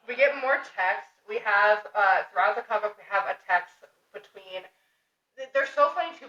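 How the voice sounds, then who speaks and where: Young woman, podcast co-host, animated, swears freely, roomy room, dull lo-fi sound. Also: medium pitch, far from the mic. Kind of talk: casual comic book recap.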